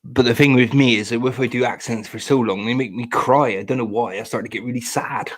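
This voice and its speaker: A man's voice: mid-range voice, steady tone, brisk. A man with a West Country English accent, chatting casually as a host, joking and laughing often. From South West England. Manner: jokey, laughs often, swears. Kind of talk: casual banter.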